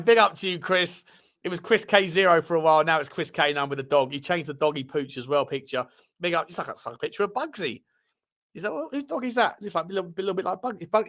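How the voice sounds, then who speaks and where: A man hosting a live football chat show, talking in a lively, rambling way with many fillers. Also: high-pitched. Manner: animated, quick, many fillers and restarts. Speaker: host.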